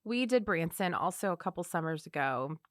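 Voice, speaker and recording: A woman with a St. Louis accent hosting a podcast, chatting warmly and encouraging her guest. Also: on the low side, animated, dry recording, clean studio sound. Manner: warm, encouraging, quick affirmations. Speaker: podcast host. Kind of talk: casual interview chat.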